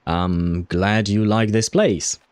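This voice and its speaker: A man reading the lines of a calm female soldier from a game aloud, slowly and haltingly, with an attempted French accent. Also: on the low side, dry recording, voice pushed down. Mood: calm, wistful.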